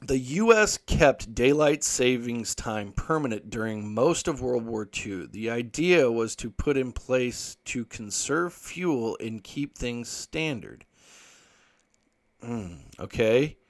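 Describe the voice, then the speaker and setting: A man's voice: medium pitch, slow. A man hosting a podcast, telling a rambling, profane story in casual monologue and reading articles aloud with his own asides. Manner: profane, rambling, animated when quoting himself. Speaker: podcast host.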